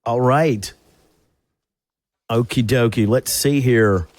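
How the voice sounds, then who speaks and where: A man's voice: mid-range voice, slow pace, darkish tone. A man co-hosting a podcast, joking, teasing and steering the talk along. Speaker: podcast co-host. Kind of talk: casual podcast banter.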